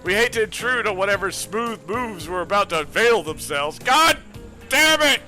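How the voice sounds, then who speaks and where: A man streaming a dating game, excitable and jokey, reading it aloud and talking back to the game. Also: high-pitched, moderate pace, soft background music.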